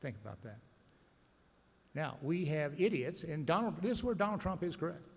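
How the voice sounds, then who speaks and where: A man's voice: fairly high pitch, sing-song, normal speed, creaky. A man, an agricultural lawyer, giving a blunt, combative, sardonic conference speech to a room of listeners. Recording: reverberant conference hall.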